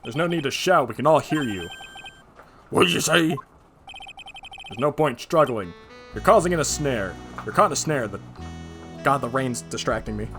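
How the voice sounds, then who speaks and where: A man voicing a calm masked male prosecutor who speaks slowly and coolly. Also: medium pitch, faint music behind, lightly acted. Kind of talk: fan voice-over of a game.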